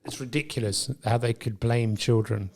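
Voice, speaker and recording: A man's voice: medium pitch, fairly even intonation, moderate pace, darkish tone. A man hosting a podcast interview, asking questions in an encouraging way. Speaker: podcast host. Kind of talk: casual interview chat.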